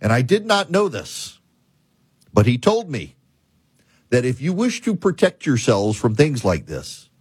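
A man's voice: medium pitch, huge pitch swings, unhurried, long pauses, breathy edge, dry recording. A man hosting a talk show monologue, telling stories and explaining things in an emphatic way.

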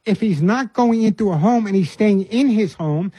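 An older man hosts a call-in pet advice radio show, talking in an earnest, folksy way. His voice sits a bit high for a man but sounds mellow and husky. The sound is dry and close, with no room around it. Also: moderate pace, no room sound. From New York. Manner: earnest, folksy, repeats words when starting phrases.

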